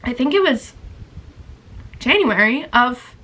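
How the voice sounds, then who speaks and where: On a low-quality recording, a twentysomething vlogger speaks slowly in a high, animated, pushed and bright voice. She rambles through an emotional, confessional chat, saying "like" constantly.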